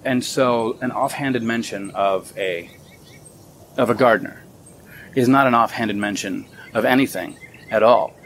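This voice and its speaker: Relaxed man preaching outdoors in a garden. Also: medium pitch, measured pace, a little hiss or hum. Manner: relaxed, conversational, thinking aloud. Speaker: pastor. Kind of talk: casual outdoor sermon. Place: outdoors in a small home garden.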